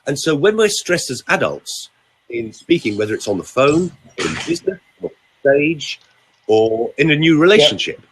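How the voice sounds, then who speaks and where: A man's voice: on the high side, big pitch swings, moderate pace, breathy edge. An older man, a vocal coach talking in a theatrical, teasing way on a podcast. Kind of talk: casual podcast chat with voice demonstrations.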